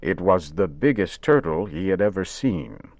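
A man narrating a radio story in measured, simple wording. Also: deep voice, expressive, darkish tone, dry recording.

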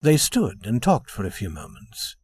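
A man narrating a story in a measured, expressive scripted reading. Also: on the low side, husky, dry recording.

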